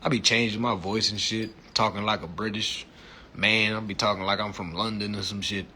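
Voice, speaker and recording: A man hosting a livestream in a blunt, animated, profane rant, talking into a phone. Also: lowish voice, a little fast, a little hiss or hum. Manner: animated, blunt, heavy swearing, laughs at own stories. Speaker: social media livestream host.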